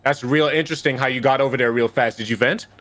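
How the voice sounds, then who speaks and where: A man's voice: medium pitch, quick pace, a bit bright. A man in a group game laying out his case and accusing another player, teasing and laughing as he argues. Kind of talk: heated group argument.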